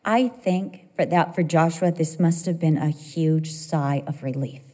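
A middle-aged pastor's wife preaches a sermon, sharing personal stories in a conversational way with emotional swings. Her voice sits low with a dark tone and a slightly slow pace, and a long hall reverb surrounds the recording.

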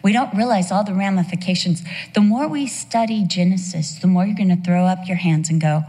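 Female Bible teacher, husky voice, emphatic and expressive, long hall reverb. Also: fairly low pitch, a little fast, hardly any pauses. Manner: emphatic and expressive, with lively storytelling. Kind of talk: Bible teaching talk to women.

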